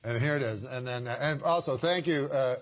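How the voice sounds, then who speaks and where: A man hosting a talk show, teasing his guests and setting up jokes with deadpan delivery and giggles. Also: mid-range voice, brisk. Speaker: host. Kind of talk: casual talk show banter.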